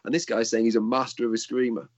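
A man's voice: medium pitch, flat delivery, fast, muffled recording. A middle-aged man who coaches martial arts, chatting casually and telling rambling stories. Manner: rambling storyteller, restarts sentences. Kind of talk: casual chat.

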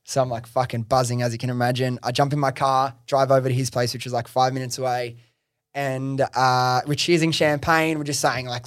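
Young guy on a podcast telling his story, casual and slangy, swears a lot, mid pitch, dry close mic. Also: fairly quick, dry recording. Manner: lively, slangy retelling with frequent swearing and fillers. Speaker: podcast host interviewed as guest, business founder.

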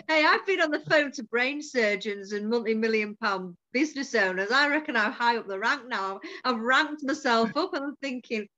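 A woman's voice: a little high, lively intonation, normal speed, few pauses, bright, forceful tone. A woman who hosts and coaches, talking candidly in casual conversation and telling stories with swearing and laughter. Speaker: podcast host and coach. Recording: dull lo-fi sound.

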